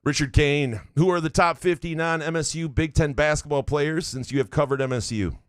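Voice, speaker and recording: A man's voice: a little high, moderate pace, smooth, dry recording, clean studio sound. A man in his forties co-hosting a casual sports podcast, reading listener questions aloud and teasing with profane jokes. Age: 40s. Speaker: podcast co-host.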